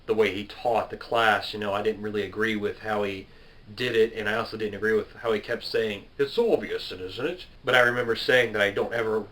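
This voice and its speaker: In a low-quality recording, a man in his 20s who creates gaming videos rambles through a casual Q&A to camera. His voice sits on the low side with little pitch movement, a fairly bright tone and a slightly fast pace. Chatty and self-deprecating, he laughs at himself and drifts off topic.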